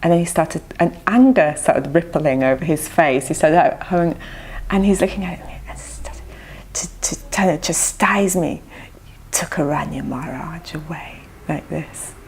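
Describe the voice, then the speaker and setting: Lower-voiced woman telling old memories. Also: normal speed, a little hiss or hum. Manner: lively anecdotal recounting with frequent laughter. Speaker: devotee sharing memories of her teacher. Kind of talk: personal storytelling.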